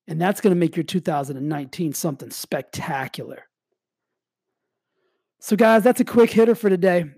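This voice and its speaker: Male motivational speaker, warm low-toned delivery, casual and fired up, slight cough, dry close sound. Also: moderate pace, gravelly, husky, no room sound. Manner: energetic, casual, heavy use of "like". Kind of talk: motivational monologue.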